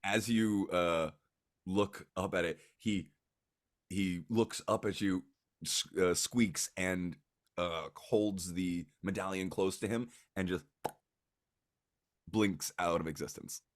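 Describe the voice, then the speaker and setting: A man narrating a tabletop game as game master, in a relaxed, hesitant way full of fillers. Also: deep voice, slow, no room sound, studio quality.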